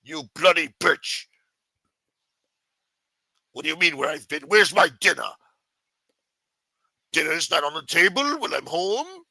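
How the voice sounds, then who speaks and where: A man doing a gruff, bossy colonial general. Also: fairly high pitch, expressive, unhurried, long pauses, pushed and bright, no room sound, clean studio sound, pitched above the performer's own voice, heavily acted. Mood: indignant.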